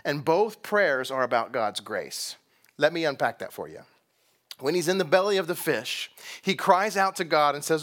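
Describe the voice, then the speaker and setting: A man preaching a sermon, animated and playful, acting out voices of figures in the story. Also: fairly high pitch, moderate pace. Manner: animated, acts out voices of biblical figures with humor. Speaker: pastor.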